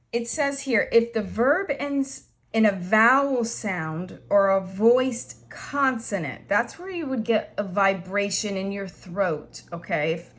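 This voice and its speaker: Patient and slow, a medium-pitched female teacher explains English grammar, returning to examples repeatedly to make each point.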